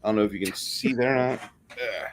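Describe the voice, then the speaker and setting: A man's voice: medium pitch, quick pace. A man hosting a casual roundtable chat, chatty and prone to stammering restarts.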